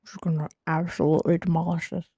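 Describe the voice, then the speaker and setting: Gravelly, teasing woman in roleplay. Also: lowish voice, little pitch movement, fast, dark tone, dry recording. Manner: playful, teasing, laughs often. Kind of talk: in-character roleplay chat.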